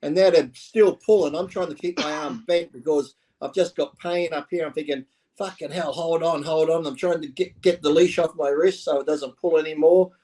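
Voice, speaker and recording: A man's voice: a little high, fairly even intonation, moderate pace, hardly any pauses, dark tone. A man in his fifties chatting on a show, telling a story with lots of swearing and laughter. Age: 50s. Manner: profane storyteller, laughs often. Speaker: co-host. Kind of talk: casual chat.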